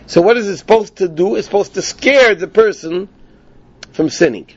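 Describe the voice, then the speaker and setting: A man's voice: high-pitched, normal speed, slightly rough, muffled recording. A man teaching an informal Torah class to a small group in the evening. He explains by asking rhetorical questions and often checks in with his listeners.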